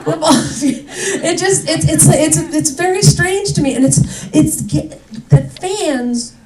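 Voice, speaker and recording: A woman's voice: sits high, takes it slowly, reverberant, far from the mic, noisy background. A young adult woman doing a stand-up comedy set on a club stage, chatty and indignant, with lots of "like" fillers.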